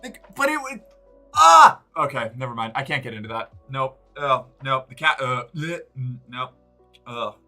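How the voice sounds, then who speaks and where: A man's voice: mid-range voice, expressive, moderate pace, pushed and bright, faint music behind. An American man chatting casually with viewers on a livestream, rambling with lots of fillers and swearing freely. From United States.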